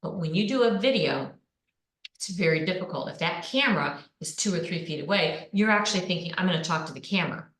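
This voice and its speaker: A woman coaches presenters in an energetic, emphatic way, leaning hard on her keywords. Her voice sits a little low for a woman. The sound is roomy, with a clear echo around her. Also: brisk. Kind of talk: online presenting lesson. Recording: echoey room.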